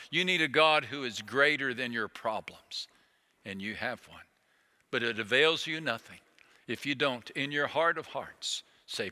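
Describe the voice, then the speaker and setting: A man preaching a sermon as pastor, earnest and pleading, slowing down to repeat key phrases. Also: on the high side, bright, forceful tone, in a large hall.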